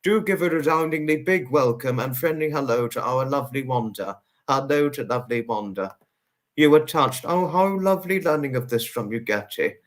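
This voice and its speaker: A man's voice: mid-range voice, normal speed. A man hosting a live stream, greeting viewers one by one and thanking them at length, repeating himself and drawing out names. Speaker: livestream host.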